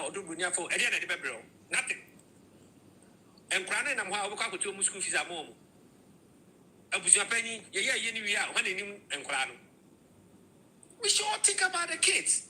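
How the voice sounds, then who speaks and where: A woman's voice: fairly high pitch, bright, forceful tone, slight background noise, rough recording. A woman with a Ghanaian accent, switching between Twi and English in a heated, swearing opinion rant.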